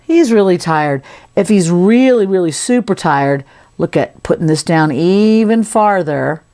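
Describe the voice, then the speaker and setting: A woman's voice: fairly low pitch, lively intonation, a little slow, dark tone. A woman giving a casual, playful sculpting tutorial, chatting as she works. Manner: chatty, playful, talks while working. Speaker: sculpting instructor.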